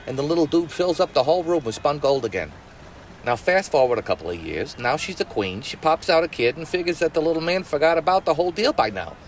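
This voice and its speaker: A man's voice: fairly high pitch, very animated, fast, a little hiss or hum, low-quality recording. A man telling a fairy tale to his nephew as a comic retelling, full of streetwise slang and wisecracks, speaking outdoors. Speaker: storytelling uncle.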